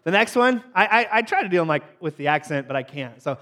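A man opening a sermon in a playful way, joking with and teasing his audience and rising sharply in pitch when surprised. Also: very animated, fast talker, sharp tone.

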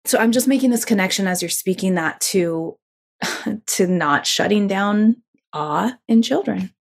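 A woman in her forties with a gravelly edge to her voice, hosting a podcast. She tells a personal story in a reflective, unhurried way. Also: medium pitch. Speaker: podcast host. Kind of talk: podcast conversation.

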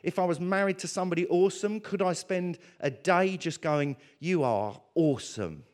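A man preaching a sermon, talking through scripture and acting out prayers and dialogue in an animated way. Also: high voice, a little fast.

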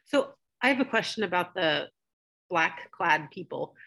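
A woman's voice: on the low side, animated, a little slow, gravelly, fairly bright tone. Questioning woman podcaster, light laughs. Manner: asks questions, laughs lightly between remarks. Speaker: podcast co-host. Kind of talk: casual chat.

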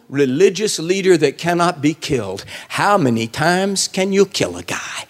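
A man giving a sermon as a guest preacher, telling the story in a colloquial, humorous way and acting out the voices of the people in it. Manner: animated storytelling, acts out voices with big pitch swings.

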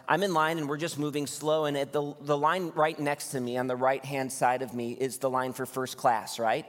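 A male pastor preaching a sermon, telling a personal story in a lively storytelling manner before reading scripture. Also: on the high side. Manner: storytelling, animated when recounting anger. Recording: long hall reverb.

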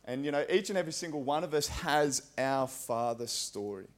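Australian male preacher, mid pitch, earnest and chatty delivery, church setting. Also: expressive, moderate pace. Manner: conversational, earnest, frequent fillers. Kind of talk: sermon.

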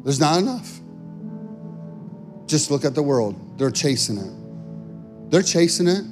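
A man's voice: a little high, very animated, slow pace, over music. A male pastor preaching a sermon in an earnest, conversational way.

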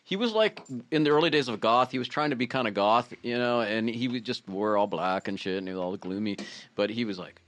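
A man, a musician guest, telling stories in a casual chat with a relaxed, drawn-out manner. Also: on the low side. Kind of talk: casual storytelling.

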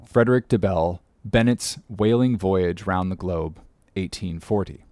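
A man narrating an audiobook in a measured, formal reading manner. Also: sits low, darkish tone, dry recording.

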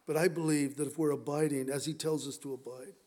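Animated man preaching a casual sermon. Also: on the high side, quick pace. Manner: conversational, animated, acts out quotes. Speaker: pastor.

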